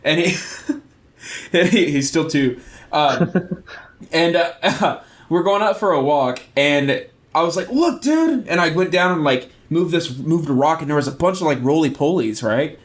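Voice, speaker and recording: A man in his thirties co-hosts a podcast, his fairly high voice unhurried as he chats casually. He tells animated stories and laughs often.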